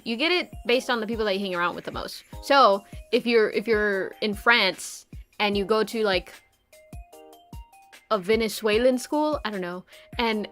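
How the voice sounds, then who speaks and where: A woman's voice: medium pitch, fairly bright tone. A young woman streamer chatting casually, rambling with lots of fillers and frequent giggles. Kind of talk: casual live-stream chat.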